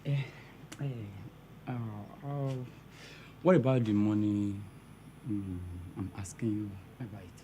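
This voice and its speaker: A man's voice: on the low side, steady tone, a little slow, long pauses, background noise, close to an everyday voice. A man with a Nigerian accent playing a boastful, broke young man with dramatic outbursts, mixing in pidgin. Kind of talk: amateur skit acting.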